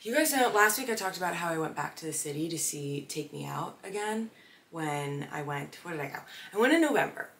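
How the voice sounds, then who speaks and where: A young woman hosting a podcast, telling a story in casual chat, animated and quick to swear, acting out what others said. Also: deep voice, vocal fry. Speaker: podcast host.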